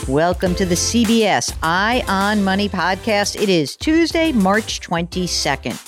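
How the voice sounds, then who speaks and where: A woman in her fifties hosting a finance podcast, chatting in a casual, quick way with asides and laughs. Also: medium pitch, very animated, music in the background. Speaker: podcast host. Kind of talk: casual chat.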